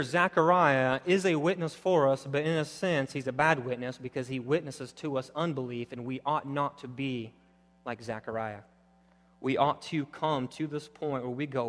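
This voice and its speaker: A man preaching a sermon, animated, moving between loud emphatic points and quiet, intense passages. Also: medium pitch, moderate pace, in a large hall. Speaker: pastor.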